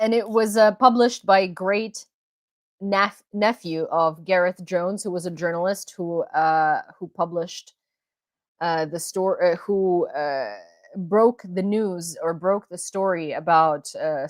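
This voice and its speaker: A young woman from Ukraine hosting a live-streamed news chat, excitable and rambling, with many restarts. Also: lowish voice, measured pace, dry recording. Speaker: host and independent reporter. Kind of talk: livestream commentary chat.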